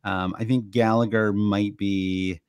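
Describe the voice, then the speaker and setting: Midwestern guy rambling on a podcast, lots of ums, kinda low voice. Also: flat delivery, takes it slowly, clear, resonant tone, no echo, studio quality. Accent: Midwestern American. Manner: rambling, many fillers and restarts. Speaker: podcast co-host. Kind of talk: casual chat.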